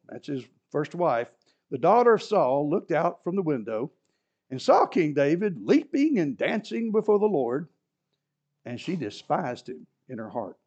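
A man preaching a sermon, his voice pitched high and swinging animatedly up and down. He reads scripture and breaks into chuckling asides. The recording is dull and lo-fi. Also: darkish tone. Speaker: pastor. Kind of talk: sermon with Bible reading.

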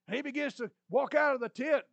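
A man with a high-pitched voice preaches, retelling a scripture story in a lively way and dropping in joking asides. The sound is dry, with no room echo, and a little dull and muffled. He paints each scene for his listeners. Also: fast, vocal fry. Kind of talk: sermon retelling a Bible story.

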